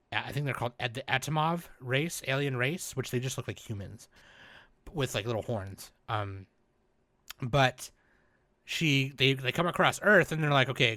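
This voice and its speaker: A man hosting a podcast, recapping in a rambling, animated, casual way and swearing freely. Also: mid-range voice, no echo. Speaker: podcast host. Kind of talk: casual chat.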